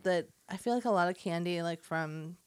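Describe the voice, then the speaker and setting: A woman's voice: fairly low pitch, moderate pace, smooth. A woman co-hosting a podcast in casual chat, giggly and chatty, full of "like". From California. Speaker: podcast co-host.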